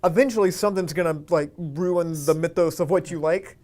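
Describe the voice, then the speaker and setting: Man, high voice, podcast host, upbeat casual chat. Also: fairly quick, darkish tone. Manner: chatty, upbeat host patter.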